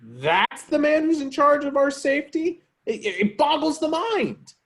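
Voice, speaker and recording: A man's voice: very high-pitched, big pitch swings, unhurried, a bit bright, exaggerated voice. A man voicing a bitter, uptight, hardworking cartoon man in a table read, exasperated and indignant.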